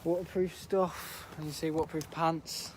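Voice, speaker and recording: A teenage boy with a slightly high voice, rambling through casual live commentary on the planes. He chats loosely and laughs a lot. He was recorded outdoors at an airport viewing park, with faint hiss and traffic noise around him. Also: little pitch movement, moderate pace. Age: teens. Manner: chatty, rambling, laughs often. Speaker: planespotting livestreamer.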